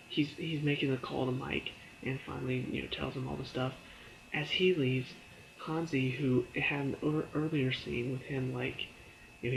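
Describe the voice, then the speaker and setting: Against a noisy background, a man with a mid-range voice and vocal fry chats casually about a TV episode, leaning on lots of fillers. He laughs as he retells scenes and briefly acts out characters' lines in quotes.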